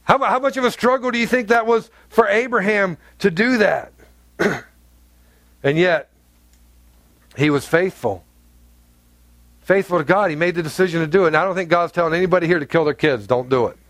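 A man's voice: high voice, moderate pace, long pauses, fairly bright tone, dry recording. A male pastor preaching a sermon in a conversational, emphatic way, full of rhetorical questions.

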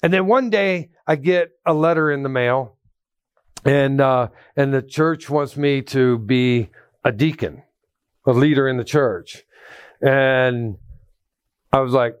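A man's voice: medium pitch, measured pace, clear, resonant tone, dry recording. A middle-aged man preaching a sermon, telling personal stories with asides to the congregation. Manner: folksy storytelling with asides to the congregation. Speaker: pastor.

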